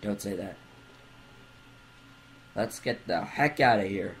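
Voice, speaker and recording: A man's voice: on the low side, takes it slowly, gravelly, pauses often, a bit bright, a little hiss or hum, rough recording. A young man giving jumpy let's play commentary from his bed, breaking into screams and goofy baby talk, on a computer mic. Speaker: gamer. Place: in bed at home.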